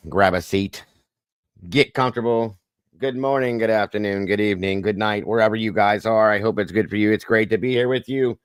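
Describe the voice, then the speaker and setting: Goofy deep-voiced male stream host. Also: brisk, clean tone, dry recording, clean studio sound. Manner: goofy, cornball greeter; shouts out viewers by name. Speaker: livestream host. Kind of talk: casual livestream chat.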